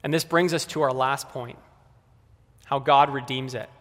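A man's voice: mid-range voice, steady tone, normal speed, a bit bright, big-room sound. A man preaching a sermon in a conversational way, speaking directly to the kids and the adults in the congregation.

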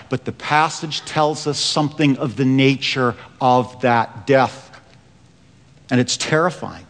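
A man preaching a sermon. He slows down and drops his voice low for emphasis. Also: in a large hall. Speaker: pastor.

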